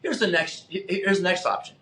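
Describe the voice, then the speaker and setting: Male motivational host, coaching style, a bit high-pitched, punchy and forceful. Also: a little fast. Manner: emphatic, animated coaching, acts out quotes. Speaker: podcast host. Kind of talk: motivational talk.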